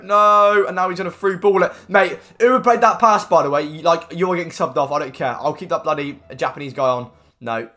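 A young man commentating his own football video game matches, excitable and swearing, often yelling at the players. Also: fairly high pitch. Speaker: gaming YouTuber. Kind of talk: live gameplay commentary.

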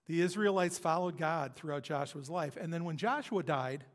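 A man preaching a sermon in a church, retelling scripture as a story with emphatic pauses. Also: on the high side. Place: church sanctuary. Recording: long hall reverb.

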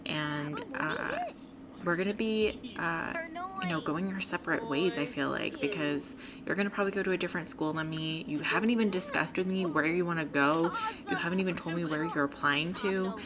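Brief: a woman doing a hurt, jealous teen girlfriend in a life-sim game, complaining, slightly low voice, background hiss. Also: moderate pace. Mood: hurt, accusing. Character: jealous teen girl breaking up with boyfriend.

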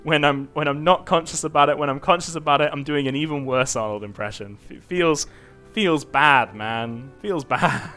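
A man chatting casually while he plays a role-playing game, rambling and self-mocking with plenty of fillers. His voice sits a little high and sounds bright and forceful, with faint music underneath. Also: normal speed. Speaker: streamer. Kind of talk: casual gameplay commentary.

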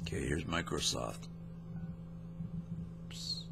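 A man's voice: a bass voice, takes it slowly, gravelly, very noisy. A man hosting a scam-baiting video, playing a mock-naive caller with a rambling, playful manner. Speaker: host of a scam-baiting channel. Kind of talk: prank phone call and casual vlog talk.

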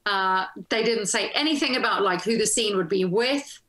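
A woman actress telling a casual story as an interview guest, animated and acting out the lines she quotes, over a video call. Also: mid-range voice, moderate pace. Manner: animated, laughs often, acts out quoted lines. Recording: roomy echo.

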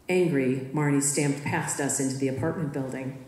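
A woman reading her own personal story aloud in a measured, expressive way, in a school auditorium. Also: extremely low pitch. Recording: echoey hall.

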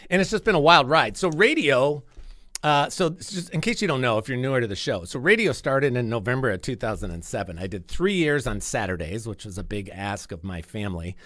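A man's voice: medium pitch, lively intonation, brisk, a bit bright, no echo. Middle-aged guy on the radio, rambling and earnest, keeps repeating words, dry close sound. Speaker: radio host. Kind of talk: casual radio monologue. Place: radio studio.

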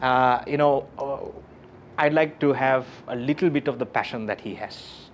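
A man's voice: mid-range voice, moderate pace, a little hiss or hum. A man giving a motivational talk to a live audience, questioning them often and repeating key phrases for emphasis. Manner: animated, keeps questioning the audience. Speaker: motivational speaker. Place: lecture room with audience.

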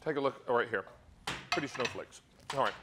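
A man's voice: mid-range voice, moderate pace, very noisy. A man hosting a live TV shopping cooking demo, with upbeat, salesy patter. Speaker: shopping channel host.

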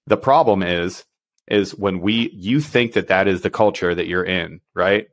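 In a low, unhurried voice, a man co-hosts a casual podcast as a special warfare operations superintendent. He speaks bluntly and acts out exchanges he is quoting.

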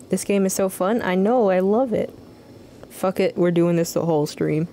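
A woman's voice: lowish voice, normal speed, dark tone, slight background noise. A young woman streaming a game live, giving profane, slang-filled joking commentary.

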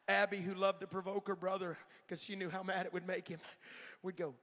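Middle-aged man, evangelist, fiery revival sermon, shouting, high voice, bright sharp tone, long church hall reverb, dull lo-fi sound. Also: flat delivery, quick pace. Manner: fiery, shouts and counts down praise. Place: large church sanctuary at a conference.

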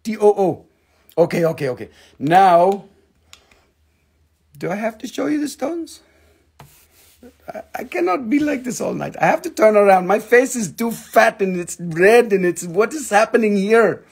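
A man hosting a live-stream crystal sale, rambling and joking in a goofy, playful way with sudden shouts. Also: high-pitched, expressive, normal speed, vocal fry, pauses often, breathy edge.

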